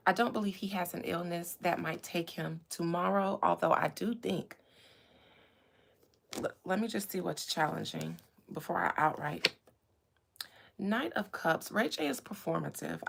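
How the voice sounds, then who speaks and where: A woman giving a casual live-stream tarot reading, chatty and quick to turn aside to her viewers. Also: fairly low pitch, gravelly. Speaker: tarot reader.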